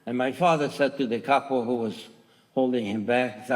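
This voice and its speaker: An elderly man in his nineties gives spoken testimony from a theatre stage. His mid-pitched voice is halting, with restarts, and grows louder when he quotes others. A long reverb from the hall trails behind each phrase. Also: fairly even intonation. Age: 90s. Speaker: Holocaust survivor giving testimony. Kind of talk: personal testimony to a large audience.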